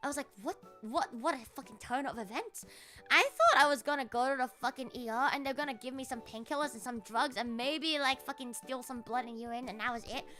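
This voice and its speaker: A young-sounding woman streamer with a high, sharp voice, rambling through a story with lots of swearing. She talks casually and animatedly to her chat. Soft music plays underneath. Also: a little fast.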